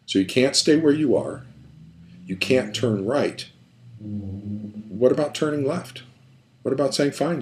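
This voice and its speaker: A male therapist talks through a problem in a lecture. His voice sits fairly low. He hammers his points home with repeated phrases. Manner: emphatic, repetitive, building points step by step. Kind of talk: explanatory lecture.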